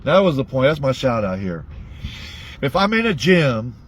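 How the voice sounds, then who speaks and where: A man's voice: mid-range voice, sing-song, normal speed, husky. A man ranting bluntly to his audience in a heated monologue, swearing constantly. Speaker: vlogger.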